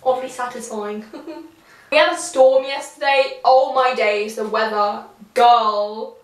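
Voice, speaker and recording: In a small room with echo, a young woman rambles to a camera propped on a tripod a few feet from her. Her fairly high, fairly even voice moves slowly, and her casual chat is giggly and self-mocking, picked up from the camera's distance.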